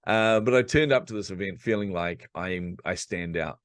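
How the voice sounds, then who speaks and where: A man's voice: low voice, moderate pace, no room sound. A man, a coach and speaker, telling personal stories as a podcast guest and acting out his own inner voice as he goes. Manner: lively storyteller who acts out his own inner voice. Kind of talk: storytelling in a podcast interview.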